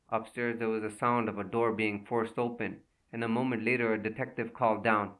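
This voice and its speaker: A man narrating a thriller audiobook with a steady, measured delivery. His voice sits at an ordinary male pitch. He sounds a little distant from the microphone.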